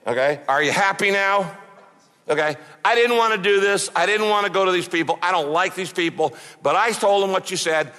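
Preacher guy doing grumpy prophet voice, curt and dismissive, kinda high, big echoey hall. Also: a little fast, sharp tone. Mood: resentful. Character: grudging reluctant male prophet, curt and resentful.

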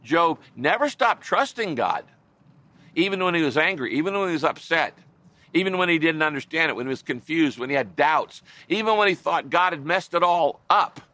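Male pastor, middle-aged, sermon, earnest and conversational, bright tone, dry close sound. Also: on the high side, lively intonation, moderate pace, dry recording. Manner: earnest, conversational preaching with wry asides.

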